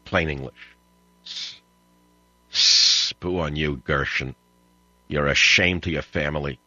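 A man's voice: extremely low pitch, steady tone, takes it slowly, bright, forceful tone, no echo, faint music behind. A man hosting a talk radio show, ranting and mocking in a combative monologue. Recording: slightly dull lo-fi broadcast audio.

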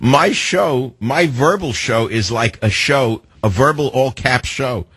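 A man hosting a late-night call-in radio show, talking in a rambling, emphatic monologue with a husky voice. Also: mid-range voice, animated, slow, fairly bright tone, no echo. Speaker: radio talk show host. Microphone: studio microphone.

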